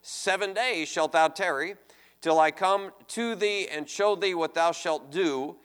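A man delivers a sermon in a fairly high voice, moving between steady scripture reading and animated, pleading acted-out lines. His voice rings with a long reverb, as if in a large hall. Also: unhurried, clean tone. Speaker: preacher.

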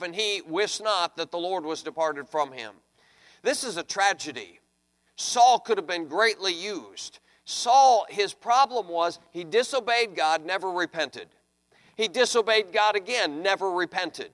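A man preaching a sermon, reading scripture and acting out pleading voices with animated emphasis. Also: high-pitched, unhurried. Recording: long hall reverb.

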